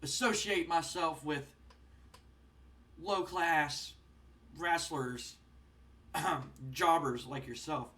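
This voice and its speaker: A snooty, newly rich wrestler, as a man puts him on, speaking in a lower, aloof tone. He dismisses his old friends. The voice comes from a bit away from the mic. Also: drawn-out words, pauses often, bright, forceful tone, exaggerated voice. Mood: snobbish. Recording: voice distant from the mic.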